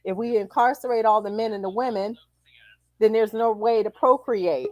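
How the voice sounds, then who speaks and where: Woman, talk show host, outspoken, joking, fairly high voice. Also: normal speed, a little mellow, no echo, muffled recording. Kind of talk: casual talk show chat.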